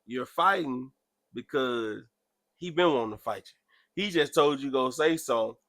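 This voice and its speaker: A man chatting casually, telling a story with animated, loud acted-out quotes. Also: normal speed, dry recording, clean studio sound. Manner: animated, acts out quotes with sudden loud jumps in pitch. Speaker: podcast host.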